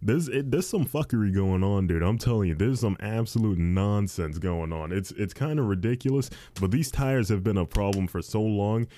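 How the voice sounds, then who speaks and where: A man's voice: fairly low pitch, moderate pace, hardly any pauses, mellow. A man ranting casually to his viewers, swearing freely and saying "dude" at every turn. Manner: swears a lot, says "dude" constantly, ranting. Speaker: dealership tire warehouse worker.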